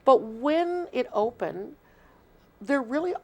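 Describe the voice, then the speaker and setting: A woman's voice: high voice, expressive, slow, a crowd in the background. A woman, a shelter guest on an interview show, explaining earnestly at length with frequent restarts. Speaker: shelter marketing manager, guest. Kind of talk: casual interview talk.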